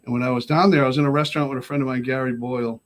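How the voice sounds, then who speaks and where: Fast-talking man telling stories. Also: medium pitch. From Lowell, Massachusetts. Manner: animated, acts out the people in his stories, swears freely. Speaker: podcast guest. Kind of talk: casual storytelling.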